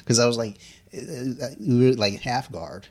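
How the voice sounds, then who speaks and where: A man's voice: mid-range voice, moderate pace, a little mellow. A man in his thirties in casual chat, profane and laughing as he tells stories, a little drunk.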